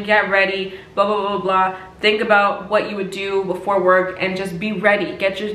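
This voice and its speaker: A woman's voice: mid-range voice, sharp tone, a little hiss or hum. A woman in her twenties giving casual, emphatic advice in a chatty vlog, often repeating herself. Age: 20s. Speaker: lifestyle vlogger. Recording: echoey room.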